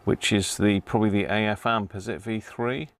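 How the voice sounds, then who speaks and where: A man's voice: lowish voice, steady tone, normal speed, dry recording. A middle-aged man with a Devon accent, hosting a live stream as he repairs a radio, muttering readings to himself and chatting casually with viewers. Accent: Devon English. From Devon, England. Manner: thinks aloud, mutters readings, chats with viewers. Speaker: radio repair livestream host.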